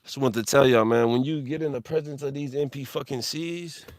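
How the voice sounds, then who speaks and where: A man's voice: mid-range voice, fairly even intonation, brisk, no echo. A man on a phone livestream, talking in a rambling, profane way with lots of restarts.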